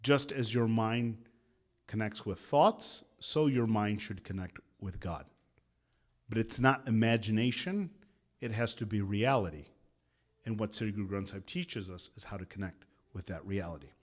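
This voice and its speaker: A man's voice: fairly low pitch, normal speed. A man in his thirties, a meditation teacher giving a guided meditation talk and leading a group in call-and-response chanting at an interfaith gathering.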